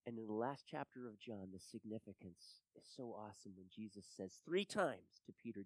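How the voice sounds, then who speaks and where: A pastor preaching a sermon, swinging between loud urging and hushed, near-whispered passages. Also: mid-range voice, lively intonation, moderate pace, hardly any pauses, no echo, low-quality recording.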